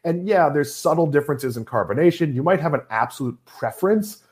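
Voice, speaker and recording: A man's voice: a little high, expressive, brisk. A middle-aged man from Massachusetts hosting a casual chat, joking and opinionated. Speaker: podcast host.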